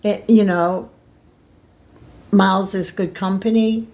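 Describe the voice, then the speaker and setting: An older woman telling a personal story on her vlog, rambling and emotional, with halting restarts. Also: mid-range voice, steady tone, gravelly, a little mellow. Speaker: vlogger.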